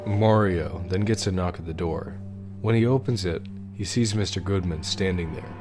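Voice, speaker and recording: A man narrating a creepy story in a measured, dramatic storytelling voice. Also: low-pitched. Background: background music.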